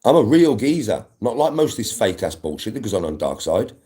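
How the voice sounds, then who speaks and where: A man hosting a livestream, pouring out a swearing, combative rant at his viewers. His voice sits low and dark, and it swings widely up and down as he pushes his point. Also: very animated, fairly quick. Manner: aggressive, swearing, defiant. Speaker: livestream host. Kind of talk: ranting to live viewers.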